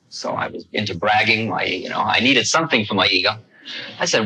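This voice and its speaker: Bright-voiced man telling a story. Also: on the low side, fairly quick, creaky, a little hiss or hum, poor audio. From United States. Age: 30s. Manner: conversational, wry storytelling with voiced asides. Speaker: lecturer. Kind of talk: storytelling lecture. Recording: 1969 lecture recording.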